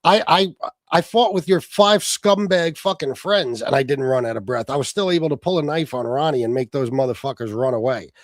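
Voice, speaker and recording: A man hosting a livestream, arguing in a heated, profane and mocking way, sometimes shouting. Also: mid-range voice, lively intonation, brisk, no echo, studio quality. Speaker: livestream host.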